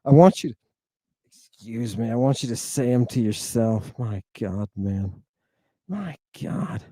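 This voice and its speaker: Middle-aged man, theatrical teacher, slow drawn-out drills, loud-to-hushed swings, dry close sound. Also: medium pitch, animated, no room sound. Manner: drawn-out, emphatic pronunciation drills. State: hot and sweating. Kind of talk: lecture to an online audience.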